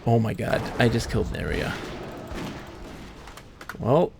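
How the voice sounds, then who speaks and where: A man streaming a game, rambling and poking fun at himself in lively, up-and-down speech. His voice has a gravelly edge, with a faint hiss behind it. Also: lowish voice, a little slow. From Michigan, USA. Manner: rambling, animated, self-deprecating. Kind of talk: casual livestream chat while gaming.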